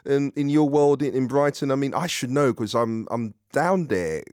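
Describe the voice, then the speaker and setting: A man's voice: medium pitch, moderate pace, darkish tone, no room sound. Chatty male radio presenter, dry studio sound. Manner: friendly, chatty, with fillers. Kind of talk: radio phone-in chat.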